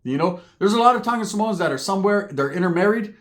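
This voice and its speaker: Talking fast and with lots of energy, a man tells a profane, comic story, tagging almost every line with "right?". His voice is a bit high for a man and swings widely as he animatedly acts out the other characters.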